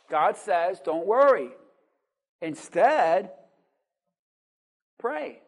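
A pastor preaching a sermon with dynamic swings between loud emphasis and quiet asides, full of rhetorical questions and call-and-response. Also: mid-range voice, unhurried.

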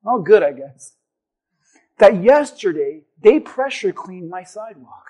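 A man, a pastor, preaching a sermon and telling a personal story with animated delivery that builds to forceful exhortation. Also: sits high, unhurried, husky, low-quality recording.

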